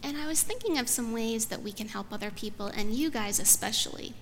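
A woman's voice: on the high side, fairly quick, a bit bright. A woman pastor giving a children's sermon in a church sanctuary. She keeps asking the children friendly questions. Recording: reverberant sanctuary, faint room noise.

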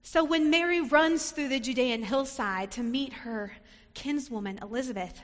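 A woman's voice: fairly high pitch, a bit bright. A woman preacher giving a reflective sermon, sometimes acting out short quoted lines. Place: church sanctuary. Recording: long reverb of a sanctuary.

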